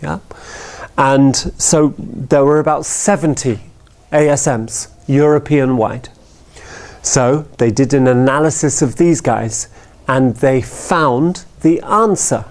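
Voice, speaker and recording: Man, storytelling talk, medium pitch, frequent "yeah?" check-ins. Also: steady tone, slow pace, a little mellow. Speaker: speaker.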